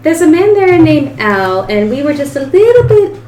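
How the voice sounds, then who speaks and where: A woman's voice: high-pitched, big pitch swings, moderate pace, dark tone, echoey room, a little hiss or hum, poor audio. A woman playing a tabletop game, chatty and hesitant with many fillers. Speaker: player. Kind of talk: casual tabletop play.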